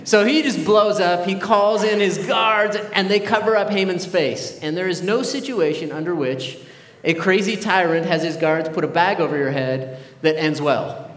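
Guy preaching, kinda high voice, super casual and jokey, lots of like and uh, big echoey room. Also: moderate pace, fairly bright tone. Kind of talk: casual sermon storytelling. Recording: echoey hall with long reverb.

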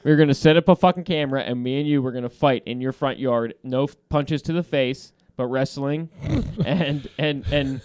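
Speaking at a moderate pace with few pauses, a man hosting a podcast tells a heated, profanity-laden story full of laughter in casual banter. His medium-pitched voice is clean, with no echo, in studio quality.

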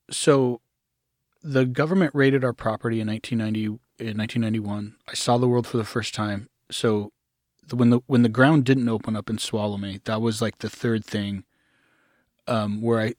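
A middle-aged man in an interview, telling his own story in a halting way, often restarting, sometimes acting out the voices he quotes. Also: on the low side, steady tone, dry recording, studio quality. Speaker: guest.

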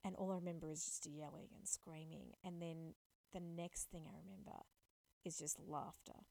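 Gravelly, low-voiced Australian woman in her late twenties. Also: steady tone, moderate pace, mellow, low-quality recording. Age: late 20s. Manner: earnest and reflective, building to emphatic calls to action. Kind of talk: personal storytelling talk.

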